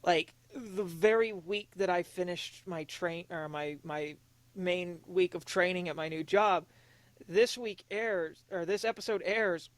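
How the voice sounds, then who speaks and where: A young man on a casual podcast, talking in an earnest, confessional way, halting and restarting often. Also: sits high, steady tone, dry recording. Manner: emotionally open, confessional. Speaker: podcast co-host.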